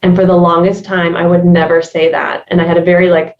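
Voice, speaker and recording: Southern woman guest musing slowly, lots of ums, sounds far off in an echoey room, kinda dull audio. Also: on the low side, flat delivery. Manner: thoughtful, many fillers and restarts. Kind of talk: reflective podcast conversation. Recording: distant, roomy, dull remote sound.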